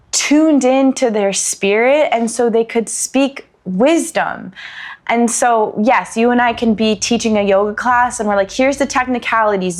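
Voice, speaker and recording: Woman yoga teacher, earnest and heartfelt, casual podcast chat. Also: mid-range voice. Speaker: podcast co-host.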